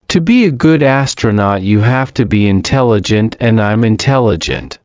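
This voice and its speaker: Male narrator, slow learner-friendly story reading, plain and measured, dull dry lo-fi sound. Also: on the low side, a little mellow, dry recording. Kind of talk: slow scripted audiobook narration for English learners.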